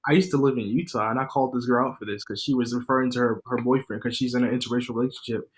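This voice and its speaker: A man hosting a casual interview over a video call, an animated storyteller who uses a lot of slang. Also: medium pitch, racing. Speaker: interviewer and podcast host.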